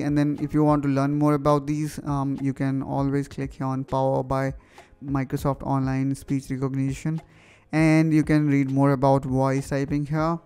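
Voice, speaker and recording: A man with an Indian accent walking through a software tutorial on screen, talking casually with fillers and addressing viewers as "guys". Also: mid-range voice, clear, resonant tone. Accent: Indian English. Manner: explanatory, with frequent fillers like "you know" and "guys". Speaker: tech tutorial host.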